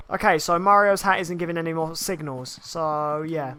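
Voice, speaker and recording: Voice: mid-range voice, normal speed, hardly any pauses, bright, forceful tone, faint music behind. A game streamer, giving casual live gameplay commentary, explaining and greeting viewers in chat.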